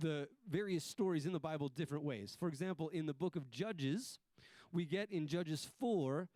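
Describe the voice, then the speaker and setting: A man delivers a sermon in a plain, conversational teaching tone. His voice sits a little high, and he often breaks off to restart a phrase before stressing the important word. The sound is dry and close, with no room echo. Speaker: pastor.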